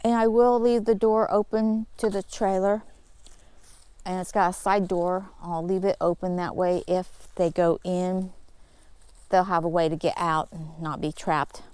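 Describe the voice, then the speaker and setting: A woman's voice: fairly low pitch, level tone, measured pace, darkish tone, smooth, no echo. A woman vlogging outdoors in her farmyard, explaining her chores in a casual, easygoing way as she goes. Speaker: homesteading vlogger. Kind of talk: casual walk-and-talk narration.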